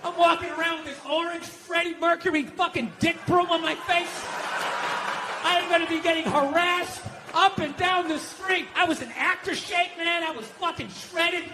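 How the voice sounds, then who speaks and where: A man's voice: extremely high pitch, steady tone, moderate pace, background noise. A middle-aged man doing a stand-up comedy set, telling profane, exasperated stories in a ranting way. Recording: live stage recording with hall reverb.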